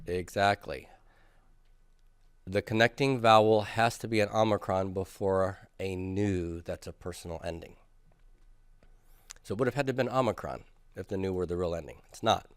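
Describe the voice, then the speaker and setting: A man's voice: low-pitched, moderate pace, pauses often, no echo. A man teaching a classroom grammar lecture, patiently drilling students through forms and asking them to repeat after him. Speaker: Greek teacher.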